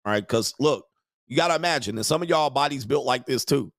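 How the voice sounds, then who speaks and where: A man's voice: medium pitch, animated, fast talker, a bit bright, no room sound, clean studio sound. A man hosting a show, delivering a crude, mocking livestream rant and laughing often. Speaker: show host.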